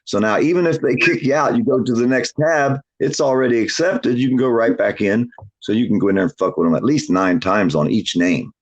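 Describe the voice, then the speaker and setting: A man's voice: medium pitch, fairly quick, muffled recording. A man chatting casually on a livestream, a boastful storyteller who swears a lot and laughs often. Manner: lively, swinging delivery. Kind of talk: casual chat.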